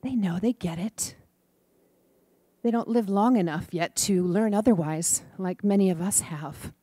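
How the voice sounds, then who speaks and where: A middle-aged woman tells church stories in a gentle, animated way and now and then drops to a soft whisper for emphasis. Her voice sits at an ordinary pitch. The sound is dry and close. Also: unhurried, husky, dry recording. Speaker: speaker giving a church talk. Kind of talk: storytelling sermon.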